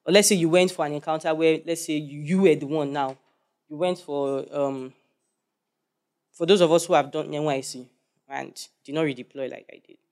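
A young man preaching a sermon, animated and joking as he quizzes the congregation. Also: a little high.

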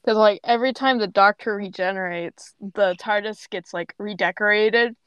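A woman's voice: medium pitch, normal speed, a bit bright, clean tone, no room sound, highs cut off. A woman co-hosting a podcast, chatting casually and reading a story aloud in a giggly, filler-heavy way. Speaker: podcast co-host.

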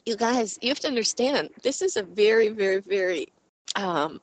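A woman in her forties giving a personal faith testimony, earnest and halting as she searches for words, often laughing as she talks. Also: on the high side, no echo. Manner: often breaks into laughter while speaking. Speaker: Christian speaker sharing a testimony.

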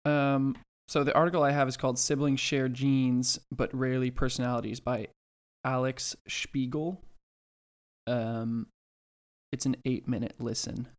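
This podcast co-host speaks in a mid-range, level voice at a measured pace. The chat is casual, and he's rambling and hesitant, full of restarts and dry, sarcastic remarks.

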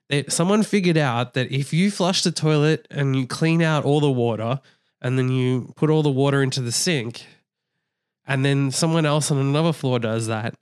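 A man's voice: mid-range voice, a little mellow, clear, resonant tone. A man co-hosting a podcast in casual chat, laughing often, teasing and crude. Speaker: podcast co-host.

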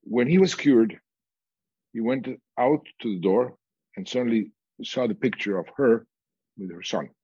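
A man telling a story in a measured, deliberate way, pausing often and restarting his phrases. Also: mid-range voice, a little mellow, husky, no room sound, lo-fi sound. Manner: measured, with frequent pauses and restarts. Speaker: guest speaker on peace and reconciliation.

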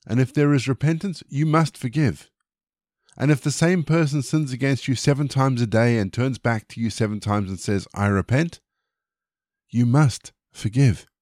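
A man leading a short prayer and then reading a Bible passage aloud in a measured, deliberate way. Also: on the low side, darkish tone, no echo, clean studio sound. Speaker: church scripture reader.

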